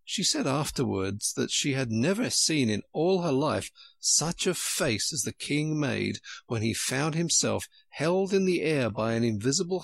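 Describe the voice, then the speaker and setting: A man narrating a storybook in a lively way. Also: mid-range voice, creaky, slightly rough, no echo.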